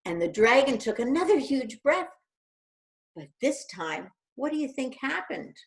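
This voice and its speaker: A middle-aged woman reading a picture book aloud to young children, animated and asking them questions. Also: high voice, unhurried. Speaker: children's storyteller.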